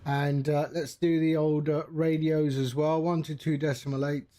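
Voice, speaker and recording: A man giving casual live-stream commentary as he sets up a flight simulator, chatting to viewers in a relaxed, rambling way. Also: on the high side, normal speed.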